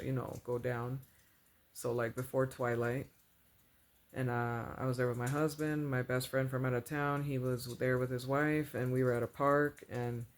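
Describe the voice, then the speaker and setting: A woman casually retelling a dream, rambling and earnest, packing her speech with fillers and repeated phrases. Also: rumbling low. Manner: rambling, full of "like" and "you know", repeats phrases; earnest and religious. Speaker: vlogger recounting a dream. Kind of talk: casual storytelling.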